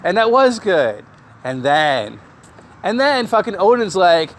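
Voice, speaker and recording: A man's voice: high-pitched, sing-song, slow pace. A man hosting a casual comedy podcast, blunt and sarcastic in his critiques. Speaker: podcast host.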